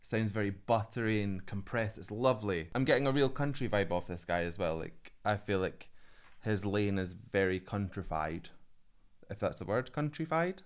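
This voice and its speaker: A man's voice: fairly low pitch, normal speed, smooth. A man, a vocal coach giving analytical, enthusiastic reaction commentary on singers. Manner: analytical and enthusiastic, prone to laughing. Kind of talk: reaction commentary on a singing video.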